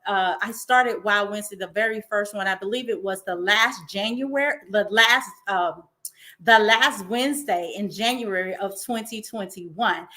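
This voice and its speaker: Bright-voiced effusive woman host. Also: mid-range voice, moderate pace. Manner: emotional, effusive, faith-filled. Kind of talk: inspirational talk-show monologue.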